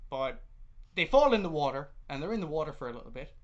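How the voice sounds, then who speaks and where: A man's voice: fast, dull audio. Stubborn opinionated male film critic. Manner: stubborn, animated, trails off into low mumbles. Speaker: podcast co-host, film critic. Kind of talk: casual film review chat.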